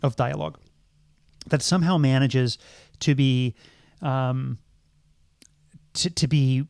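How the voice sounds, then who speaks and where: A man's voice: medium pitch, steady tone, slow pace, creaky, darkish tone, clear, resonant tone, no echo, studio quality. A middle-aged man and podcast co-host, talking through films thoughtfully, with many ums and restarts. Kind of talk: casual film discussion.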